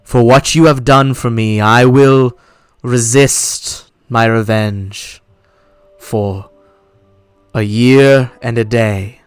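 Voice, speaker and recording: A man voicing a grave, serious swan woman who is a lake spirit, speaking in slow solemn pronouncements for a live tabletop game. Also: medium pitch, steady tone, clear, resonant tone, no room sound, soft background music. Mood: solemn warning. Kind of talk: live tabletop role-play.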